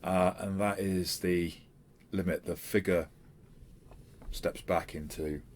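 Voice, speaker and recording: A man's voice: low voice, fairly even intonation, slow pace, a little mellow, a little hiss or hum. A man running a tabletop role-playing game as game master, chatty and stop-start with many fillers.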